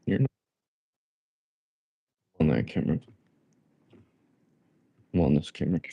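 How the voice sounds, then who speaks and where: A man chatting casually on a livestream from a library, relaxed and halting as he thinks aloud. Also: a bass voice, gravelly, breathy edge, highs cut off. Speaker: livestream host. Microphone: tablet.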